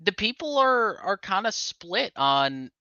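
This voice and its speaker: A man's voice: sits high, very animated, takes it slowly, bright, forceful tone, smooth, dry recording, lo-fi sound. A man co-hosting a casual football draft chat, easygoing and reading out viewer comments. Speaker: podcast co-host.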